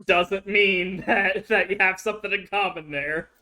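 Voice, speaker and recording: A woman's voice: mid-range voice, a little slow, pushed and bright. A woman guest in casual chat, telling stories in a rambling way full of fillers. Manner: rambling storyteller, many fillers like "like". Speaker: guest streamer.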